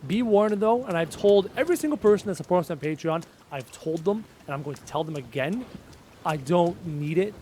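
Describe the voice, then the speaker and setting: A man giving chatty live gameplay commentary, excitable and often yelping at enemies. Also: high-pitched, fairly quick, a little hiss or hum. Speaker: gaming YouTuber.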